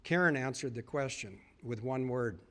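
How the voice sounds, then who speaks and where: A man addressing a live audience in an earnest storytelling speech. He retells conversations and repeats points for emphasis, in a mid-pitched voice. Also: normal speed, a bit bright. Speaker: public speaker.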